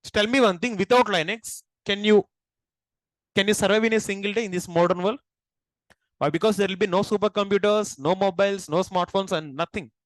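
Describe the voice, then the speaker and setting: High-voiced Indian man teaching. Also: a little fast, no echo, low-quality recording. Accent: Indian English. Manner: asks the class questions and repeats key points. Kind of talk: classroom lecture.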